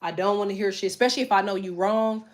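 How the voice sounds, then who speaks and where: A woman's voice: medium pitch, fast. Blunt, profane middle-aged woman streaming. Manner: blunt, profane, emphatic, talks straight to viewers. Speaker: tarot reader and livestream host. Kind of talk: casual livestream chat.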